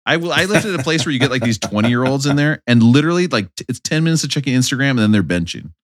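A man's voice: mid-range voice, animated, no room sound, studio quality. A man in his thirties hosting a podcast, telling profane comic stories and acting out rants in casual chat. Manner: fast riffing storyteller, profane, acts out quoted rants. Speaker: podcast host.

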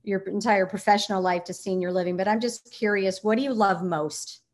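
A woman's voice: medium pitch, fairly even intonation, a little fast. Woman host, gushing thanks to her guest, medium voice. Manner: warm, effusive praise of the guest. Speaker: podcast host. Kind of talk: interview hosting.

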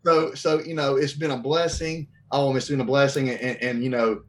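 Podcast guest, man, 30s, from the Southern US, lively storyteller who acts out quotes. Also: mid-range voice, moderate pace. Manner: animated, acts out quoted voices. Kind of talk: casual storytelling.

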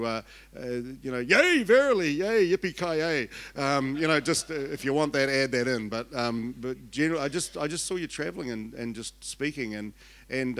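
Chatty older Kiwi pastor, joking. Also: male voice, medium pitch, a bit bright. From New Zealand. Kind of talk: sermon.

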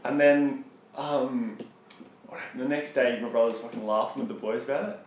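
A man, telling stories in a casual podcast chat, swearing a lot and animated when quoting others. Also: medium pitch, moderate pace, very echoey, slight background noise. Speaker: podcast co-host.

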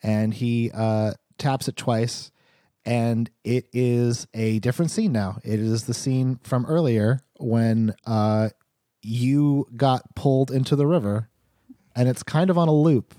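A man's voice: medium pitch, slow, mellow, dry recording, studio quality. A man narrating a tabletop game as game master, teasing his players in a playful way.

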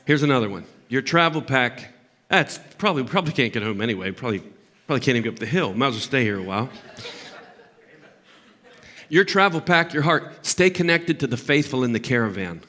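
An older man preaching a sermon as pastor, impassioned, swinging from loud emphatic peaks down to low, quiet asides. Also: very animated, a little fast.

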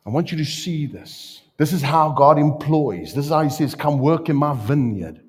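Husky pastor, lively preaching voice, fairly high. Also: male voice, normal speed. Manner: preaching, asks the congregation questions. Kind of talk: sermon.

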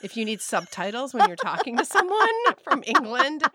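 A woman co-hosting a casual podcast chat, animated, reacting and joking quickly. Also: sits high, dry recording, clean studio sound. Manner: animated, quick to react and laugh, playful asides. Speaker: podcast co-host.

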